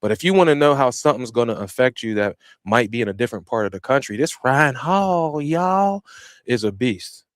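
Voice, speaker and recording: A man hosting a lawn care podcast, chatting casually from his own small studio. He talks with energy and street slang, and his voice jumps between loud hype and quieter asides. The sound is dry and close to the mic. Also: medium pitch, fast, few pauses, no echo. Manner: animated storytelling with slang and shifts in loudness. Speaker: podcast host. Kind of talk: casual chat. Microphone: studio microphone he operates himself.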